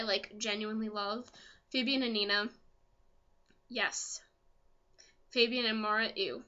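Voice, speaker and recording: A young woman vlogger chatting casually as an excitable fan, full of ums and asides. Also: on the high side, highs cut off. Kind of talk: casual chat.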